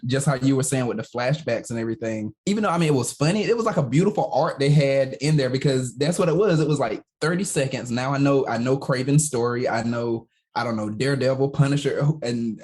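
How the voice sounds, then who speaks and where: A man in casual podcast chat, thinking aloud at an easy pace. His voice sits at a middle pitch and stays relaxed. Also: brisk, hardly any pauses. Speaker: podcast co-host.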